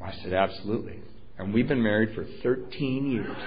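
A middle-aged man telling his recovery story at a meeting, animated and joking, acting out voices in the story. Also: lowish voice, fairly quick, very noisy. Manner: animated storytelling, acts out voices, laughs at own jokes. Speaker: AA speaker sharing his story. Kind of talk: personal recovery talk at a meeting. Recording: dull lo-fi recording.

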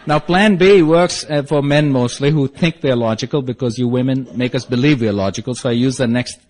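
A man's voice: mid-range voice, fairly quick, darkish tone. Wry self-mocking male storyteller. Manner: acts out quoted dialogue. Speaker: speaker sharing his story at a support meeting. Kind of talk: personal storytelling to a group.

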